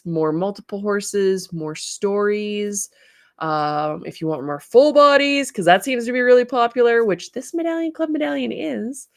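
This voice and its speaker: A woman with a Canadian accent, hosting a casual livestream, bubbly and quick to laugh as she chats with viewers. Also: medium pitch, no echo, studio quality. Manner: bubbly, reads chat comments aloud and laughs often. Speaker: livestream host, studio owner.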